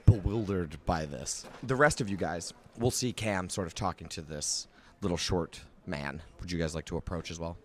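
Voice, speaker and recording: A man's voice: low voice, moderate pace, a bit bright, a little hiss or hum. A man narrating a tabletop game as game master in a casual manner, full of fillers.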